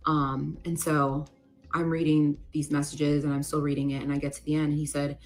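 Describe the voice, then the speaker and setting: A woman's voice: low voice, little pitch movement, a little slow, a little mellow, faint music behind. A young woman casually telling a personal story in a confessional way, peppering her speech with "like". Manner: conversational, many "like" fillers.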